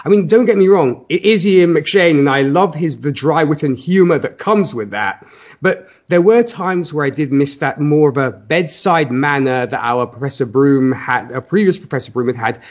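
Measured, fairly high-voiced podcast host. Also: male voice, muffled recording. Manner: measured, hedging, leads the discussion. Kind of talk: casual chat.

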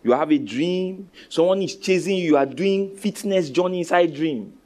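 A male pastor with a Nigerian accent preaching a sermon, commanding and animated, switching between loud exhortation, low asides and call-and-response with his congregation. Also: normal speed, slight background noise.

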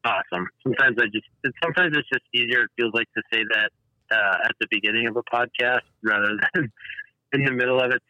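A man's voice: mid-range voice, sharp tone, dry recording. Man in his thirties, interview guest on a remote call; stutters, restarts words, muffled and dry line. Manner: stutters, halting with repeated words. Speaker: guest, pedal designer. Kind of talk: casual interview. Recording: dull dry call audio.

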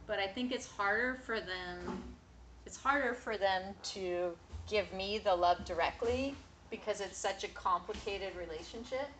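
A woman's voice: mid-range voice, measured pace, fairly bright tone, a little hiss or hum, low-quality recording. A woman in casual podcast chat, talking frankly and thinking aloud, swearing often.

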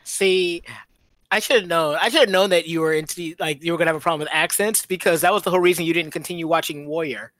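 A podcast co-host in a casual movie chat, talking in an animated way with frequent laughs and quick asides. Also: medium pitch, no echo.

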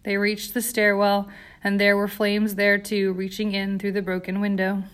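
A woman's voice: medium pitch, monotone, normal speed, fairly bright tone, clean tone. Woman reading a dramatic story aloud. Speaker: narrator. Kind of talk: audiobook narration.

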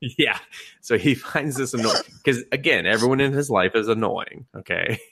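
A man co-hosting a podcast, retelling an anime scene with laughs, swearing and quick voice changes. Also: medium pitch, bright, forceful tone, husky, no echo. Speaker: podcast co-host. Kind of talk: casual chat.

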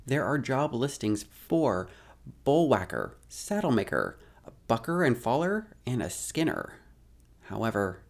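A man recapping a show's episode as a story, with wry, sardonic asides. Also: on the low side. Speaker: show recapper.

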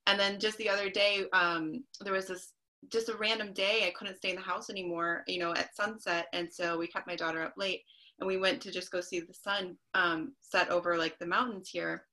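A woman's voice: lowish voice, steady tone, normal speed. A woman hosting a podcast interview, rambling casually with lots of fillers. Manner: warm-hearted rambling with many fillers. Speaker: podcast host.

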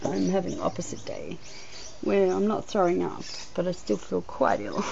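A woman's voice: on the low side, flat delivery, normal speed, warm tone. A woman, congested from a headache, musing aloud and laughing in a casual outdoor podcast monologue. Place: outdoors, sitting on the ground. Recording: muffled with clear background noise.

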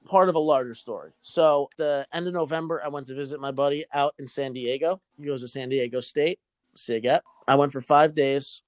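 A man's voice: medium pitch, fairly even intonation, fairly quick, dry recording. A young man hosting a podcast, telling a rambling, profane story in casual chat. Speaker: podcast host.

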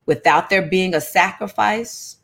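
A woman giving a lively, conversational Bible lesson, calling out to her listeners. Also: fairly low pitch, a little slow, creaky. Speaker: Bible study teacher. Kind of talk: casual sermon-style Bible teaching.

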